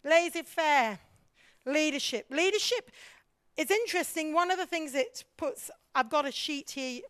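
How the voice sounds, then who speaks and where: A woman giving a church teaching talk on leadership. She is animated, keeps asking the audience questions and acts out the voices of the people she describes. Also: sits high, normal speed, dry recording, clean studio sound.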